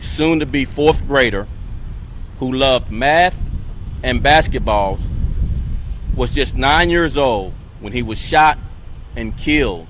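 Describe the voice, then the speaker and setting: A man giving a slow, solemn prepared statement at a press conference, recorded outdoors. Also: mid-range voice, fairly bright tone, slight background noise, rough recording.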